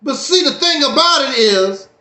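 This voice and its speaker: High-voiced man streaming in an echoey room. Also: expressive, moderate pace, sharp tone. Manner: joking, preachy, dramatic. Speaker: YouTube streamer. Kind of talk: casual livestream monologue.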